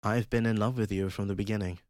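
Man playing a sly, hushed puppeteer. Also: on the low side, quick pace, no echo, clean studio sound, natural voice. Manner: flat, faintly sarcastic, hushed. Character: sly young man speaking through a girl's body. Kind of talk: audiobook character voice.

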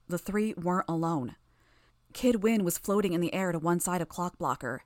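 A woman with a lowish voice reads first-person fiction aloud. Her delivery is even and steady. The recording is dry and close to the mic. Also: moderate pace, no echo. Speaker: audiobook narrator.

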